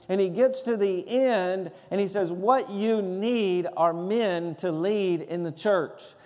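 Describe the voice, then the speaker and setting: A man serving as pastor delivers a sermon with an earnest, emphatic cadence. His voice sits high for a man. The sound carries the long reverb of a large sanctuary. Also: darkish tone. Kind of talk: sermon with prayer and storytelling. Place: church sanctuary.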